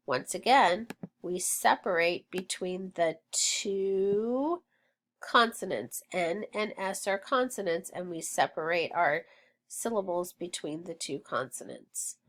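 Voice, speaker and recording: A woman teaching a phonics lesson, sounding out words slowly and encouraging her students. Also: medium pitch. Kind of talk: slow, deliberate phonics drill.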